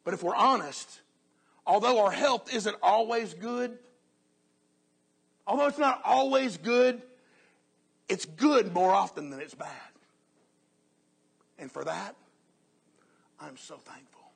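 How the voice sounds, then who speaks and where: A man preaching a sermon earnestly, often dropping to a soft hush on key phrases. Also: sits high, expressive, takes it slowly, gravelly, pauses often, husky.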